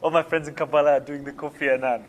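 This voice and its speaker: A man from Uganda with a Ugandan accent, speaking in a relaxed, rambling way in an interview clip. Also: fairly high pitch, racing.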